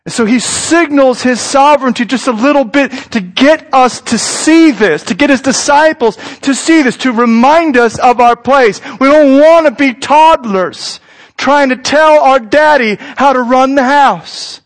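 A pastor in his thirties delivers a sermon in a casual, earnest manner, speaking directly to his listeners. His voice sits notably high for a man, and he takes his time.

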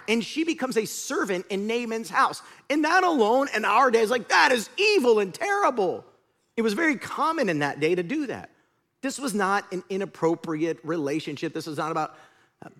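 A man preaching a sermon, telling the story in an animated way and swinging from loud to hushed. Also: high voice. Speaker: pastor.

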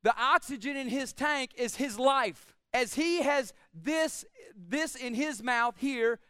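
A man delivers a sermon from the pulpit. His voice sits very high and comes through smooth and clear. He speaks emphatically and swells to shouts on his strongest points, recorded dry and up close. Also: expressive, takes it slowly, no room sound. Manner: emphatic, rising to shouts on key phrases. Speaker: pastor.

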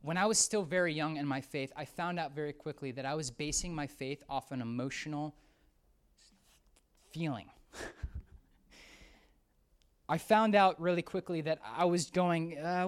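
Animated, dynamic young-sounding preacher. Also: medium pitch, normal speed, pauses often, smooth. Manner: lively, swings from hushed to excited outbursts, acts out quoted voices. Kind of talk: sermon.

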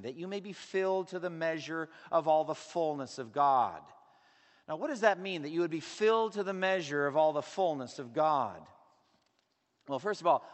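Earnest pastor preaching in a reverberant hall. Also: male voice, medium pitch. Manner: earnest, emphatic preaching with a wide range of loudness. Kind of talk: sermon. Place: church sanctuary.

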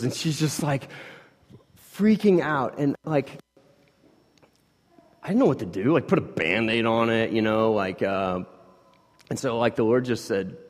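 A man's voice: medium pitch, animated, measured pace, pauses often. Pastor, man, 30s, chatty sermon delivery that drops to near-whispers and rises again, long hall reverb. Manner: conversational, swings from hushed to loud, many "like" fillers.

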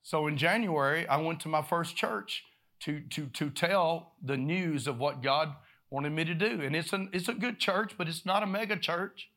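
A man preaching a sermon in a voice pitched a little above most men's. He tells his story with animated energy, repeating himself and swinging between loud bursts and hushed passages. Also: moderate pace.

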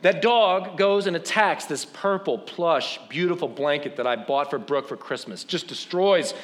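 A man's voice: fairly high pitch, moderate pace. A man preaching, telling a funny, self-deprecating story and acting out what people said. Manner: animated, self-deprecating, acts out quotes. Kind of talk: humorous sermon storytelling.

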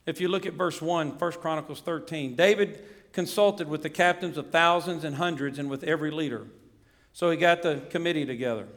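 A male preacher delivers a sermon with a high-pitched voice. He preaches in an animated way, swinging between quiet asides and raised, emphatic lines. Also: a little fast.

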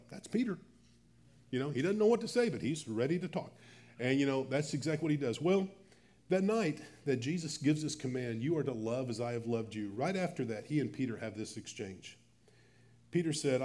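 A middle-aged man preaching a sermon. His voice is mellow and dark, never sharp. He keeps it conversational and voices the Bible figures' words himself. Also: medium pitch. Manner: conversational, acts out Bible dialogue in quoted voices. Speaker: pastor.

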